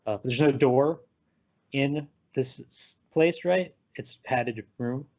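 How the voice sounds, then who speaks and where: Man, casual movie chat, animated recap, thin phone-line sound. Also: mid-range voice, takes it slowly. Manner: animated, acts out characters in quotes, laughs often. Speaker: podcast co-host.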